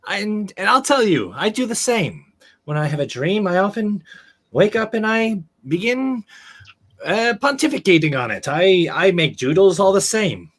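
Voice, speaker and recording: A man's voice: high voice, lively intonation, normal speed, a bit bright. A man playing his character in a tabletop game, speaking in a theatrical, slightly pompous way. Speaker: player.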